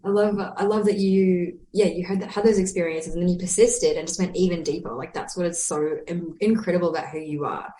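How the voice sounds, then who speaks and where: A woman's voice: fairly low pitch, fairly even intonation, a little fast, few pauses, warm tone. A woman breathwork teacher speaking in a casual conversation, earnest and encouraging as she explains her ideas. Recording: echoey room.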